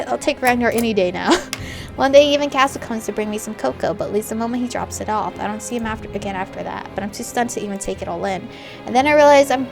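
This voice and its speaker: A young woman reading a visual novel aloud and reacting with loud, animated outbursts between the narration. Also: mid-range voice. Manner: expressive, jumps to loud excited reactions. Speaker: gamer. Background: faint game music.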